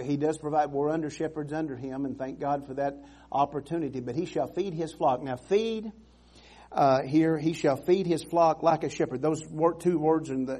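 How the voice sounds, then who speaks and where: Male preacher, husky voice, mellow tone, emphatic sermon delivery. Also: on the high side. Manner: earnest, emphatic preaching with repetitions and restarts.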